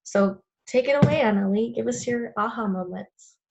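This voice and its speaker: A woman's voice: on the high side, normal speed, lo-fi sound. A woman hosting a video call, thanking members and retelling their stories with frequent laughs. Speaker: host of a team call. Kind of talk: casual chat.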